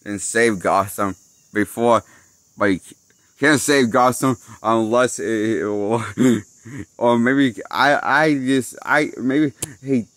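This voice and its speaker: A male movie critic talks through a casual review at a slow, unhurried pace. He rambles, restarts his thoughts and chuckles at his own jokes. His voice sits at an ordinary pitch in a dry, close sound. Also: fairly bright tone, no room sound. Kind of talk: casual spoken film review.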